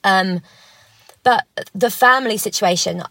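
Husky, gravelly woman guest, candid and emotional, dry close sound. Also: medium pitch, bright, forceful tone, no echo. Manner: emotional, halting, frank. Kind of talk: candid personal interview.

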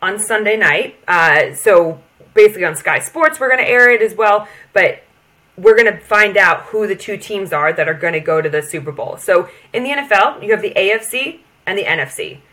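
A woman's voice: medium pitch, animated, brisk, sharp tone. An American woman, a football player and podcast guest, explaining the sport in an enthusiastic, easy way. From United States. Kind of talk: casual interview chat.

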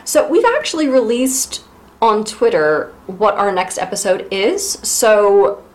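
A woman co-hosting a book podcast in casual chat, wry and sardonic, with quick asides. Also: mid-range voice, animated. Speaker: podcast co-host.

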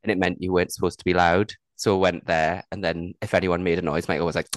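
A man's voice: low-pitched, level tone, fast, dry recording. A man co-hosting a podcast, telling stories in casual chat and laughing often. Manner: chatty storytelling, laughs often. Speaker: podcast co-host.

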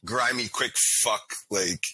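Young male co-host, husky and bright, loose profane storyteller. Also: fairly low pitch, slow, no echo, poor audio. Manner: animated, profane storytelling full of fillers. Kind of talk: casual chat.

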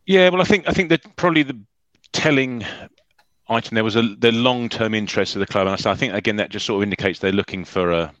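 A man's voice: lowish voice, fast, a bit bright, no room sound, lo-fi sound. A man giving his thoughtful, rambling views as a guest on a football chat show. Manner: thoughtful, rambling, mildly swears.

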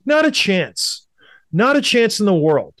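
A man's voice: high-pitched, very animated, measured pace, a bit bright, dry recording, studio quality. A man from Canada, a show co-host, giving blunt, emphatic opinions in sports talk and repeating points for effect. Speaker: hockey podcast co-host.

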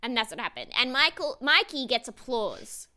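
A woman's voice: high-pitched, sing-song, normal speed, sharp tone. A woman co-hosting a podcast, recapping a reality show in casual, swearing chat, laughing often and acting out quotes. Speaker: podcast co-host.

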